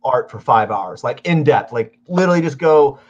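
A man's voice: medium pitch, expressive, normal speed. A man hosting an artist interview, playful and jokey, often stammering and restarting his questions. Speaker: interview host and art teacher. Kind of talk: casual interview. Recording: dull lo-fi audio.

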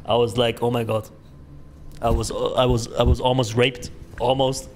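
A man's voice: medium pitch, little pitch movement, moderate pace, darkish tone, a little hiss or hum. A young adult man streaming a horror game, telling a rambling, profane anecdote with lots of fillers and laughter. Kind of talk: casual gaming stream storytelling.

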